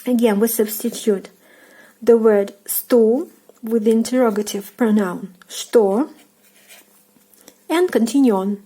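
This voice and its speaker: Young Russian-accented woman, casual online teacher, mellow and hesitant. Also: a little high. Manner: halting, many fillers and restarts. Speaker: language teacher. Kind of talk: casual online language lesson.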